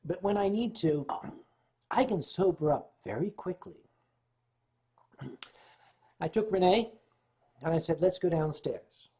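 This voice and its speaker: A man hosting a livestream, telling a long anecdote in a lively way and clearing his throat often between beats. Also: high voice, measured pace, long pauses. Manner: animated retelling with shifting loudness. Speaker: livestream host. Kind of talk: anecdotal storytelling.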